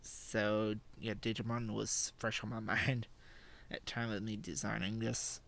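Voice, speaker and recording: A man's voice: lowish voice, level tone, unhurried, gravelly, a bit bright. A teenage boy talking casually through a drawing session, rambling and self-deprecating, with lots of fillers and little laughs. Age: teens. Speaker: channel host. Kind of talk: casual drawing vlog commentary. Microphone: desk microphone.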